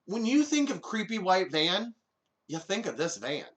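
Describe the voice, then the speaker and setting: A man's voice: high voice, big pitch swings, normal speed, a bit bright. A man hosting a podcast alone, giving comedic commentary with jokey, sarcastic asides. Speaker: podcast host.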